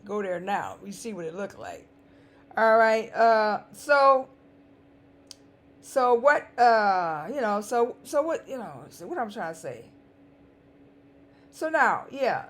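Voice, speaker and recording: A woman's voice: mid-range voice, very animated, slow pace, pauses often. A woman with a dry, scratchy voice giving an emphatic, sarcastic commentary monologue, repeating words for stress. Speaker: vlogger.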